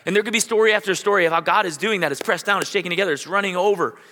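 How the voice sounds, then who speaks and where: A man's voice: high-pitched, very fast, sharp tone. A man preaching a sermon as pastor, reading scripture and building to emphatic bursts. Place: church sanctuary. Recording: long hall reverb.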